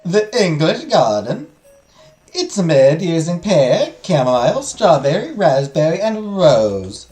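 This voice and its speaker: A man voicing a cheerful, pushy spice and tea merchant with a put-on Italian accent and high, drawn-out sales patter. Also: wildly swooping pitch, mellow. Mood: coaxing. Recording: echoey room, faint music.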